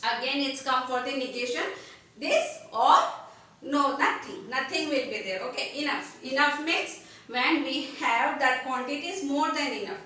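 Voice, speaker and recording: A woman teaching grammar, repeating words and examples slowly and mixing in Hindi. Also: sits high, bright, forceful tone, recorded from a distance. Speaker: English teacher. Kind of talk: grammar lesson. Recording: echoey room from afar.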